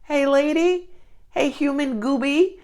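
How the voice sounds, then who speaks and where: A woman's voice: high-pitched, slow, darkish tone, voice pushed up. A woman voicing an injured male lion who pleads for help, in a whiny, pleading voice.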